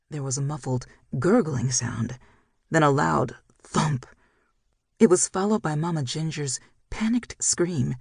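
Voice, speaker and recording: A narrator reads a dramatic novel in measured, even storytelling. The voice is gravelly and husky, recorded close in a dry studio with no room sound. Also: mid-range voice, no room sound. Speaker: audiobook narrator. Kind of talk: scripted narration.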